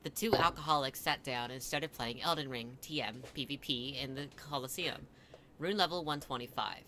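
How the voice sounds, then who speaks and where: A man's voice: mid-range voice, normal speed, pushed and bright, slight background noise. A man reading a comic fan story aloud in a mock-dramatic way, with wry asides.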